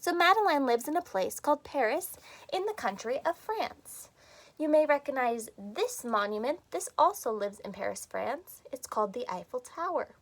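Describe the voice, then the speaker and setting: High, lively woman reading to kids. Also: moderate pace. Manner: teacherly, coaxes children to repeat and join in. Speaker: children's storytime reader. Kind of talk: reading a picture book aloud to kids.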